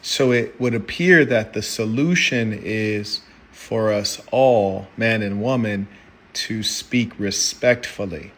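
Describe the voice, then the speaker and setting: A man in a live debate who speaks formally and in measured, carefully worded sentences. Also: lowish voice, a bit bright. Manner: formal, measured, precise wording. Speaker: debate guest.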